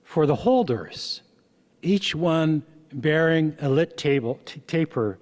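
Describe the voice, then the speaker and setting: Slow-reading man in a reverberant hall. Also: a little high, expressive, a little mellow. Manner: slow, measured reading with small stumbles. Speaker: author. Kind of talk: reading aloud from his memoir. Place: event hall.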